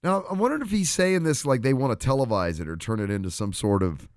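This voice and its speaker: A man's voice: mid-range voice, animated, fast talker, a little mellow, dry recording, studio quality. A young man co-hosting a podcast, reading news aloud with a joking, stumbling delivery in casual chat. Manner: stumbling over words, joking. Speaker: podcast co-host. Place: indoor room by a fireplace.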